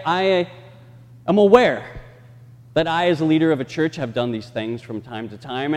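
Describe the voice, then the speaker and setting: A man's voice: medium pitch, long reverb tail. A male pastor preaching a sermon, acting out the voices he quotes. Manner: expressive, acts out quoted voices. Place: church sanctuary.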